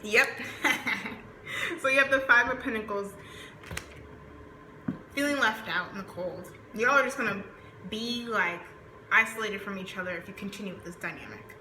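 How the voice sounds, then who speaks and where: A woman's voice: medium pitch, moderate pace, long pauses, pushed and bright. A woman with a Southern US accent giving a chatty, rambling tarot reading, full of fillers. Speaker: tarot reader. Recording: roomy echo, faint background noise.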